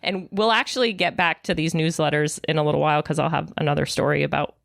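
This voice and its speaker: Lower-voiced chatty woman guest. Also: steady tone, fast, gravelly, dry recording, clean studio sound. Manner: chatty, rambling with fillers. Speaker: podcast guest. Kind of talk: casual anecdote.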